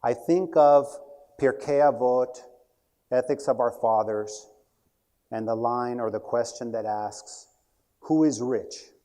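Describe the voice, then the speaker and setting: A man's voice: mid-range voice, fairly even intonation, slow, mellow. A middle-aged man giving a short talk, telling a story with asides.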